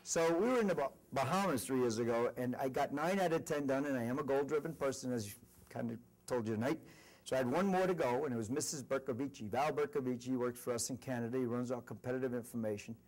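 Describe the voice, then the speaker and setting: A man's voice: medium pitch, fast, darkish tone. Earnest storytelling man giving a speech. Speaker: corporate executive speaker. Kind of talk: motivational speech. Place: university lecture event.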